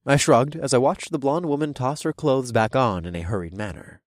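A man narrating a first-person story as an audiobook, reading in an expressive, animated way. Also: medium pitch, normal speed, no room sound, clean studio sound.

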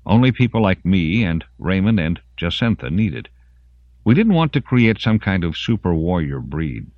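A man's voice: deep voice, sing-song, moderate pace, dry recording, dull audio. A man voicing a cool, matter-of-fact woman who explains things plainly.

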